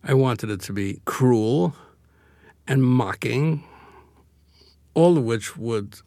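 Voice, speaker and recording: A man's voice: mid-range voice, lively intonation, slow pace, warm tone, no room sound, clean studio sound. An older man from Brooklyn being interviewed, talking in a wry, reflective way and laughing easily. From Brooklyn, New York. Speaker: interview guest, author. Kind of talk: conversational interview.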